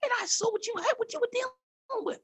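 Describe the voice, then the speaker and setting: A man putting on an Indian accent to play a middle-aged male shop owner who speaks in high, emphatic, drawn-out exclamations. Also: animated, fairly bright tone. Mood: indignant.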